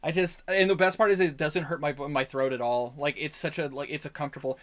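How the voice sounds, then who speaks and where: A game master chatting casually over a voice call, animated, rambling and laughing often. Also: mid-range voice, fairly quick.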